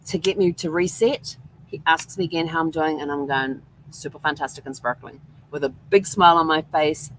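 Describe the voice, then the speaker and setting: A woman hosting her own show, telling a personal story in a casual, earnest and reflective way, with soft laughs now and then. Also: sits low, a little hiss or hum, poor audio. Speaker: host. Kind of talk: casual solo livestream talk.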